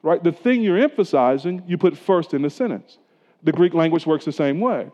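A male pastor preaching a sermon earnestly, dropping to a hush at solemn moments and rising for emphasis. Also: on the high side, lively intonation, moderate pace. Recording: echoey church hall, dull lo-fi sound.

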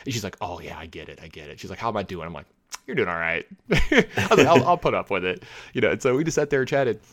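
A man telling a long story in casual podcast chat, rambling, full of filler words and lively retellings. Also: mid-range voice, fast, dry recording, studio quality.

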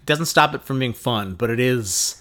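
A woman's voice: extremely low pitch, normal speed, fairly bright tone. A woman co-hosting a podcast in casual chat, dry and thoughtful. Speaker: podcast co-host.

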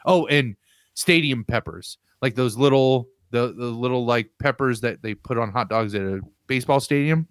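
A man in casual chat, telling an animated, rambling story from his home on a video call. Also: mid-range voice, moderate pace, smooth, no room sound, clean studio sound. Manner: animated, rambling, laughs while telling stories. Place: home room with pinball machines.

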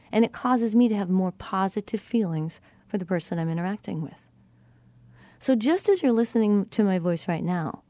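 A middle-aged woman giving a teaching talk about tone of voice and self-talk, speaking deliberately and shifting her inflection to show how phrases change meaning. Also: mid-range voice, dark tone, no echo. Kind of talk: teaching monologue.

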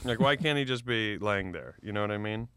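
A man's voice: lowish voice, lively intonation, brisk, sharp tone, smooth, no echo, studio quality. A young man co-hosting a podcast in casual chat, sarcastic and swearing freely. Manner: sarcastic, swears freely, puts on silly voices. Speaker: podcast co-host.

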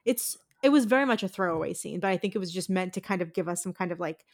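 Low-voiced young woman podcast co-host. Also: animated, fast. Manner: frank and emphatic, swears casually. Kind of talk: casual chat.

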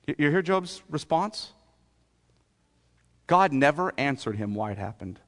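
Man, pastor, sermon, conversational, rhetorical questions, fairly high voice, long church reverb. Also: expressive, unhurried, long pauses.

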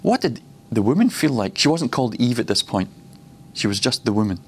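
A man's voice: medium pitch, sing-song, a little fast, a little hiss or hum. A man preaching at a ministry school, personal and reflective, often laughing between points.

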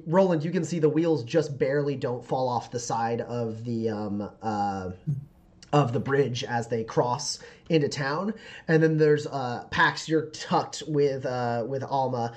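Rambling game master, full of fillers. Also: male voice, mid-range voice, darkish tone. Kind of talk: narrating a tabletop game.

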